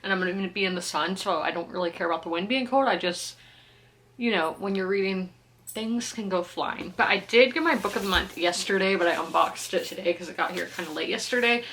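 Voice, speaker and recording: A woman's voice: medium pitch, a little fast, a bit bright, slight background noise. A woman, chatting casually to camera about books she is reading and laughing often. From South Carolina, US. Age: 20s. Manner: chatty, giggly, talks through her opinions. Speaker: book vlogger. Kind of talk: casual reading vlog chat.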